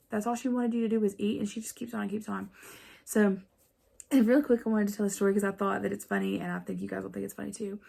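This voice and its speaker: A woman's voice: mid-range voice, creaky, darkish tone. A woman with an Appalachian accent telling family stories to her channel viewers in a chatty, rambling way. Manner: rambling, chatty, many fillers. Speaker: vlogger. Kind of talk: casual storytelling to camera.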